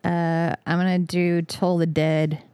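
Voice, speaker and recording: A woman's voice: fairly low pitch, level tone, slow, warm tone, clear, resonant tone, no echo. A woman playing in a tabletop game, giving short wry replies and laughing easily. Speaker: player.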